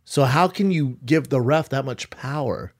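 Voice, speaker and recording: A man's voice: medium pitch, moderate pace. A man hosting a podcast in casual chat, telling loose, profane, jokey stories. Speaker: podcast host.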